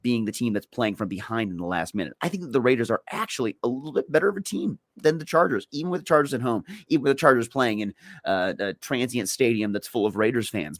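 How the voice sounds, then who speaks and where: A man co-hosting a sports betting podcast in casual chat, excitable and self-mocking, often repeating his first words. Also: mid-range voice, no echo, studio quality.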